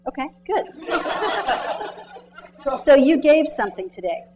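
A woman author speaks to students and mentors in a lecture room, her voice sitting a little high. She tells stories in a chatty, animated way, peppered with "like," and quizzes the crowd directly. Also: slow, over music, low-quality recording. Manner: chatty, animated storytelling with many "like"s. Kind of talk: motivational talk.

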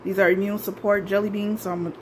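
A woman's voice: mid-range voice, little pitch movement, quick pace. Older woman, homey haul vlogger, chatty, talks straight to viewers, faint room hiss. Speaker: vlogger showing a shopping haul. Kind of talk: casual chat to camera. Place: at home in her apartment.

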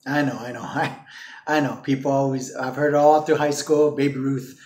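A man's voice: mid-range voice, flat delivery, normal speed, darkish tone, reverberant, slight background noise. A man making a casual solo vlog, rambling with many fillers and repeats while he eats and talks with his mouth full. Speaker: vlogger.

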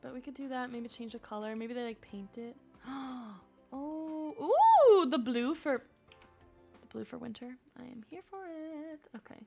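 A young woman chatting through her gameplay on a live stream, excitable and gushing, often talking to the game characters. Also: high-pitched, normal speed, gravelly, faint music behind.

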